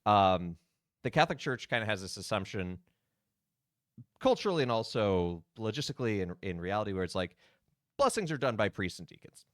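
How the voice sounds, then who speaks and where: A man's voice: fairly low pitch, animated, brisk, no echo, studio quality. A man, a priest, giving casual, rambling commentary while streaming a video game, with many fillers.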